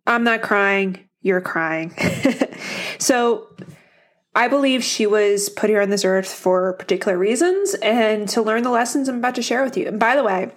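A woman's voice: medium pitch, normal speed. A woman hosting a casual solo podcast, talking bluntly and motivationally to her listeners, swearing often and laughing easily. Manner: motivational, addresses listeners directly. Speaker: podcast host.

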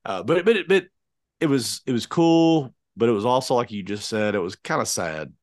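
A man's voice: mid-range voice, animated, moderate pace, no room sound, studio quality. A man in his forties co-hosting a podcast in casual chat, rambling with many fillers and restarts. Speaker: podcast co-host.

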